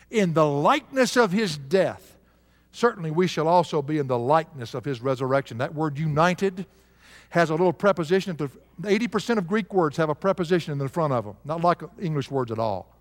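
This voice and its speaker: A man's voice: on the high side, expressive, normal speed. Emphatic male preacher in a reverberant hall. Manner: emphatic, asks the congregation to answer aloud. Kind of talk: sermon. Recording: live sermon with long hall reverb.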